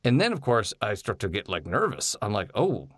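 A man's voice: fairly low pitch, wildly swooping pitch, fairly quick, fairly bright tone, dry recording, studio quality. A man telling a candid personal story in a rambling way, full of fillers.

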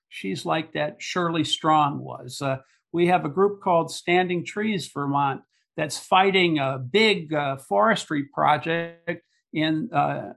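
A man speaks in a gravelly, husky voice that sits a little high. He rambles as he talks, hesitating often and filling pauses with "uh" and "you know.". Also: fairly bright tone. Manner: rambling, hesitant, many fillers. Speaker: environmental activist guest. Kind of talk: casual conversation.

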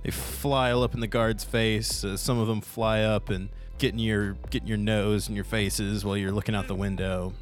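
A man narrating as game master in a tabletop game, relaxed, with fillers and restarts. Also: on the low side, moderate pace, few pauses, faint music behind.

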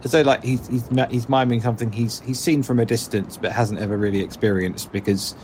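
A man's voice: medium pitch, fairly even intonation, brisk, darkish tone, a little hiss or hum. A man narrating his character in a tabletop role-play, rambling and hedging with many restarts. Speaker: player.

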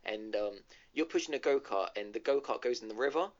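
A man's voice: mid-range voice, a little fast. A man co-hosting a casual gaming podcast, retelling a game's story with lots of ums and restarts. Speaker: podcast co-host. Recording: dull lo-fi audio.

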